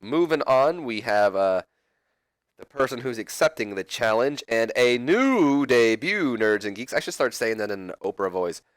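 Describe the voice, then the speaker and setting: A man's voice: medium pitch, sing-song, normal speed, dry recording. A man hosting a let's play, giving rambling, casual gameplay commentary with self-correcting asides and jokes to his viewers.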